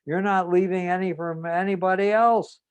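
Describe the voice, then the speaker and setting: A man's voice: high voice, steady tone, normal speed, smooth, voice pushed up, lightly acted. A man voicing an elderly mother who harshly scolds her grown son, nagging and raised. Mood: scolding.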